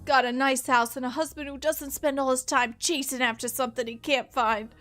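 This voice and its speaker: A woman's voice: sits high, fairly even intonation, a little fast, a bit bright, soft background music. A woman voicing a struggling male treasure hunter from the 1930s, reading his journal aloud with a tough-guy gangster drawl. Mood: weary, rueful.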